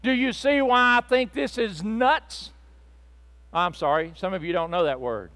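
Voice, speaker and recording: A man preaching a fervent sermon to a church congregation, swinging between loud bursts and hushed asides. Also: high-pitched, a little slow. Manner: speaks to the congregation directly, with asides and apologies.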